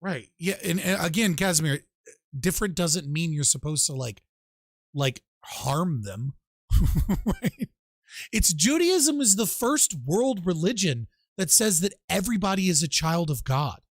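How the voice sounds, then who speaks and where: A man hosting a casual online panel debate, retelling stories in a swearing, animated way and acting out the quotes. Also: high-pitched, a little slow, no echo. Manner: profane, animated storytelling with mock-quoted voices. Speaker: show host.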